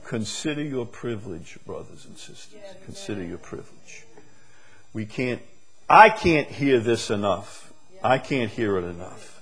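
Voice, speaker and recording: A man's voice: fairly low pitch, animated, unhurried, fairly bright tone. A man preaching a sermon as pastor, emphatic and building his points through repeated phrases. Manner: emphatic, repetitive preaching cadence.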